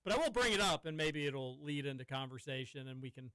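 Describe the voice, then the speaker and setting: A man's voice: mid-range voice, lively intonation, quick pace, sharp tone, smooth, no echo, poor audio. A man hosting a sports talk radio show from a studio, talking casually and rambling with some stammering. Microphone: studio microphone.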